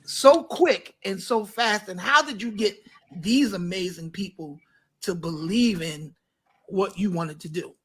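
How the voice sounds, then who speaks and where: A man's voice: high voice, measured pace, husky. A man who is a pastor hosting a casual online interview show, hyping up his guests with slang-filled introductions. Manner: hype, enthusiastic introductions with slang.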